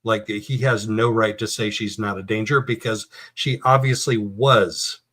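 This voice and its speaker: A man's voice: lowish voice, steady tone, a little slow, fairly bright tone. A man hosting a casual true crime talk show, ranting heatedly and swearing, then apologizing. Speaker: true crime podcast host. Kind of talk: casual chat.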